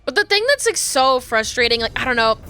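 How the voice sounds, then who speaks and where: A woman's voice: high-pitched, sing-song, brisk, pushed and bright, soft background music. A young adult woman streamer chatting casually and rambling with many fillers while playing a game. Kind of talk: casual chat while gaming.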